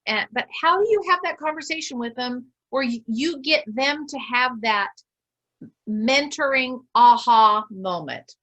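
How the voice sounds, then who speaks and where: A woman with a high, bright voice hosts a casual interview podcast. She is enthusiastic and keeps up a steady stream of affirming remarks. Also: unhurried. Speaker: podcast host.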